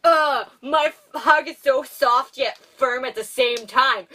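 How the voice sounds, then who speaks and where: A woman's voice: sits high, measured pace, few pauses, sharp tone. A young woman co-hosting a podcast, rambling and giggly as she recaps a film and acts out its characters' lines. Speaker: podcast co-host. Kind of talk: casual movie recap chat. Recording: voice from far off the mic.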